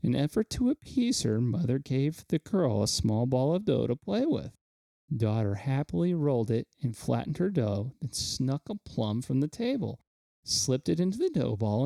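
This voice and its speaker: A man's voice: mid-range voice, very animated, normal speed, vocal fry, mellow, no echo, studio quality. A man co-hosting a casual podcast chat, reading out fun facts with enthusiasm and stumbling over words now and then. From Kansas. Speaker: podcast co-host.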